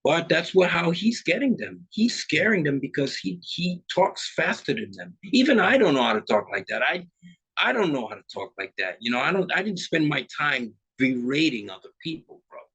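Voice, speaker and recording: A man's voice: a little high, normal speed, breathy edge, poor audio. A man, a musician guest in a casual interview chat, talking emphatically and acting out characters as he goes. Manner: animated, acts out characters mid-talk; emphatic, street-style talk.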